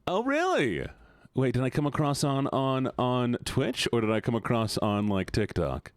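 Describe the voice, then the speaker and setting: A man's voice: mid-range voice, normal speed, smooth, dry recording, studio quality. A young man streaming a game, chatting casually with his chat, laughing and swearing often. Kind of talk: casual live-stream chat while gaming.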